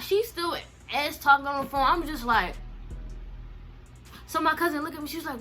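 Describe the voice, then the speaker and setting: A young woman tells a casual storytime with a bright, sharp voice that sits a little high. She talks in heavy slang and jumps into the other people's lines, getting louder and higher when she acts them out. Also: normal speed, soft background music. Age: young adult. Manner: animated, slangy, acts out quotes with swings in pitch and loudness. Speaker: storyteller vlogger.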